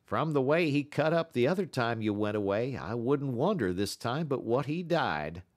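A man voicing a gruff frontier dog musher who talks in a rough folksy drawl with sharp exclamations. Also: mid-range voice, very animated, normal speed, pitched above the performer's own voice. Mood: worried.

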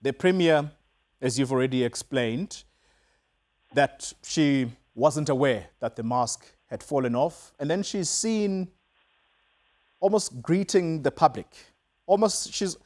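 A man's voice: fairly high pitch, animated, slow pace, darkish tone. A man with a South African accent anchoring a live television news interview, pressing his guest with skeptical questions.

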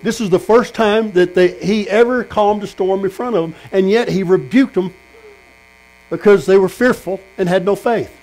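A man's voice: sits high, moderate pace, darkish tone, low-quality recording. A man preaching a sermon at a tent meeting, telling stories and putting questions to the congregation. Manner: storytelling, asks the congregation questions.

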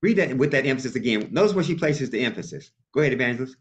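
A male pastor preaching a sermon in a colloquial, animated way and calling out to his congregation. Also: medium pitch, rapid-fire. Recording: muffled lo-fi sound.

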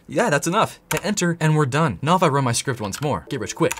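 A man runs a casual coding lesson, swinging his pitch up and down as he jokes with the viewer. Typing clicks now and then behind him. A faint hiss sits under the voice. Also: lively intonation, a little fast, hardly any pauses. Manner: playful, jokey, talks straight to the viewer. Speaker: tech course host. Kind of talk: energetic screen-share tutorial.

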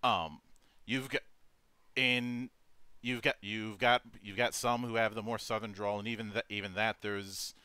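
A man from Minnesota hosting an interview, speaking in a halting way with many restarts and ums. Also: fairly low pitch, steady tone, bright, forceful tone, clean tone, no room sound. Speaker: host. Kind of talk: casual interview chat.

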